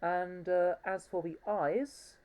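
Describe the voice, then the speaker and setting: A woman with a low, mellow voice talks slowly through a home-made plush toy review. She hesitates a lot, restarting sentences and filling gaps with ums, and speaks fondly of the toy. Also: fairly even intonation, smooth. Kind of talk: casual home video review.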